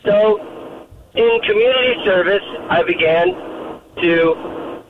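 A man's voice: sits high, slow pace, far from the mic. A man calling in to a talk show, telling a rambling story and acting out the voices in it. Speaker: caller. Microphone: phone. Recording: tinny phone line with static.

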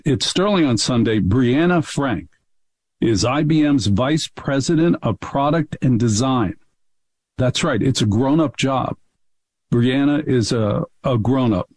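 A man's voice: medium pitch, animated, unhurried, a little mellow, no room sound. Opinionated talk radio host, man. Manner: opinionated, sarcastic, rambling. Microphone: studio microphone.

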